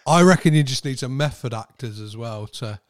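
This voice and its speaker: Man, podcast co-host, rambling casual chat, animated pitch, dry mic. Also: a little fast, no echo. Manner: rambling, laughing storyteller.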